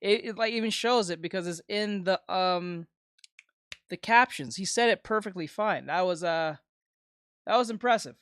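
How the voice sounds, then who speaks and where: An American streamer reacts live to a video in a loose, chatty manner, stumbling over and repeating words and swearing freely. The voice sits at a middle pitch. It sounds close and dry, with no room echo. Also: moderate pace, a bit bright, clean tone. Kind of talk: casual live-stream commentary.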